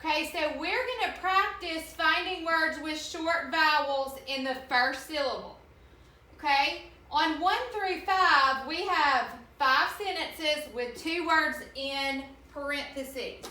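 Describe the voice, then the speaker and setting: A woman teacher giving an online reading lesson to children, slowly and clearly sounding out the vowels in each word. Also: sits high, pushed and bright, echoey room.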